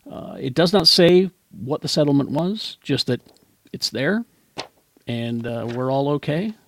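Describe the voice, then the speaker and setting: A man's voice: mid-range voice, animated, measured pace, a bit bright, no echo. A man hosting a casual pop-culture chat show, talking in a rambling, chatty way with plenty of fillers. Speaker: podcast host.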